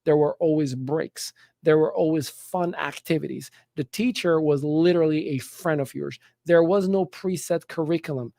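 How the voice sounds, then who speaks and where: A man from Morocco, telling school stories as a podcast guest in an animated way. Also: fairly high pitch, moderate pace, creaky, dry recording, clean studio sound. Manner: animated, acts out quoted voices. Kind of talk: casual storytelling.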